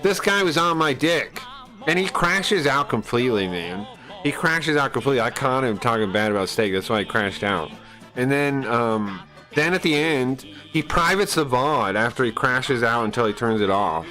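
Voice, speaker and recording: A man's voice: medium pitch, animated, normal speed, sharp tone, faint music behind, rough recording. A man on a live stream ranting casually. He swears a lot, sounds aggrieved and rambles with restarts.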